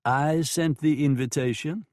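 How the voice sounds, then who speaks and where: A man's voice: on the high side, darkish tone, no room sound, studio quality, pitched above the performer's own voice, natural voice. A man doing a sly French saloon madam. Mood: taunting. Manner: smooth, taunting, slow and drawn-out. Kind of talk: audiobook character voice.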